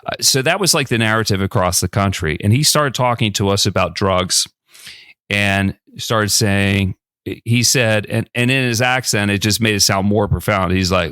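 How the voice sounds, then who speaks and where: A man in his fifties hosting an interview, telling stories in a relaxed, chatty way with frequent restarts. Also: lowish voice, normal speed, smooth, no room sound, clean studio sound. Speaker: podcast host. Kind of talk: conversational interview storytelling.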